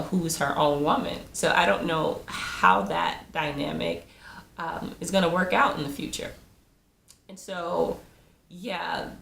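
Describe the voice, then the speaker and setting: This woman, a TV episode reviewer, has a lowish, slightly bright voice with vocal fry. She gives a laid-back, chatty recap, often laughing and voicing the characters' lines, in a recording with roomy echo and a little hiss or hum.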